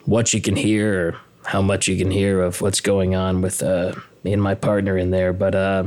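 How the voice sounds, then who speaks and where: A man with a somewhat low voice, chatting casually as a podcast co-host. He rambles through stories, stumbling over words and starting over with plenty of fillers. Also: monotone, normal speed, hardly any pauses, darkish tone. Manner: rambling storyteller, many fillers and restarts. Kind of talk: casual chat.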